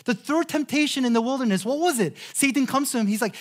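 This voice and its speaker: An earnest pastor in his thirties delivers a sermon with expressive, widely swinging pitch. He leans on key phrases by slowing right down and often repeats words as he restarts a thought.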